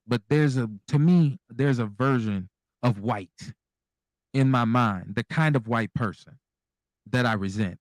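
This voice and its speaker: A man hosting a call-in radio show, talking candidly and bluntly, full of profanity and lively emphasis. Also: mid-range voice, no room sound. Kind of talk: casual call-in radio talk.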